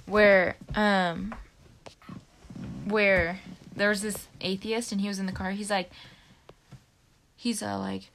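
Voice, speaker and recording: A young woman co-hosting a casual chat podcast, a giggly storyteller who gets loud when excited. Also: medium pitch, slow, vocal fry, long pauses. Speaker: podcast co-host.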